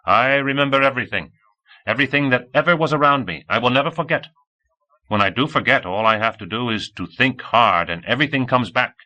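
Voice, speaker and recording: A man reading an audiobook, voicing a strange boy raised by aliens who asks excited, childlike questions. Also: medium pitch, brisk, voice pushed up, lightly acted. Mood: eager.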